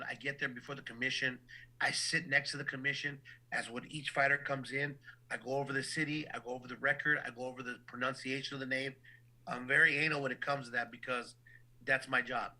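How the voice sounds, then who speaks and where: A man's voice: mid-range voice, pushed and bright, rough recording. A man who works as a boxing ring announcer, talking casually and animatedly in an interview, often repeating words as he starts a thought.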